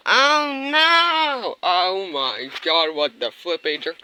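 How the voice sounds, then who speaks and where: A woman's voice: lowish voice, animated, slow, pushed and bright, a little hiss or hum. A woman voicing plush toys in a skit, screaming and gasping dramatically. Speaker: plush toy video narrator.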